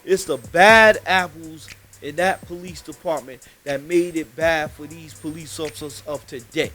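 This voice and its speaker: A high-pitched man, speaking casually but emphatically and swearing freely. He tells a personal story on a live podcast in a studio. Faint music plays in the background. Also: unhurried, pushed and bright. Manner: emphatic, heated, swears often.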